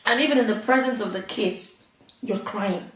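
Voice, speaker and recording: A woman's voice: on the high side, normal speed. A woman giving casual parenting advice, earnest and chatty, laughing now and then. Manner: earnest, laughs often, acts out little quoted exchanges. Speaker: parenting vlogger. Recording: roomy echo, distant from mic.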